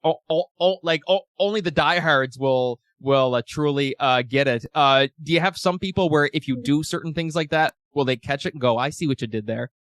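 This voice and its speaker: A man hosting a podcast, talking in a rambling, animated way with many restarts. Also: a little high, normal speed, hardly any pauses, clean tone, dry recording, clean studio sound. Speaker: podcast host. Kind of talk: casual interview.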